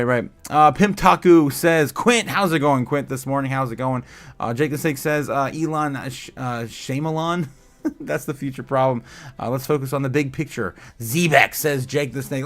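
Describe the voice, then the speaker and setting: A man hosts a casual livestream, working through news headlines and then chat messages. He rambles, fills gaps with "uh," and breaks into laughter often, in an ordinary mid-pitched voice. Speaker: host of a crypto livestream.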